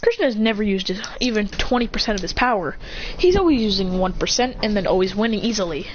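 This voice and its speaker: A woman's voice: mid-range voice, expressive, quick pace. Woman rambling through a fan story. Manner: rambling, self-correcting, acts out quoted lines. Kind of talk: casual fan-fiction storytelling. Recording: dull lo-fi recording with faint noise.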